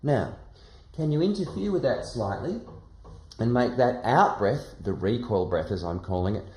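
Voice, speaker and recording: A man teaching a singing lesson, coaching calmly and gently and demonstrating relaxed sighs. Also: mid-range voice, normal speed, echoey room. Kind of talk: guided vocal lesson.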